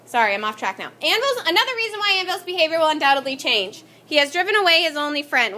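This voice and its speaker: A woman's voice: high voice, big pitch swings, fast, few pauses, bright, forceful tone. A woman teaching a classroom lesson, calling on students by name and encouraging them.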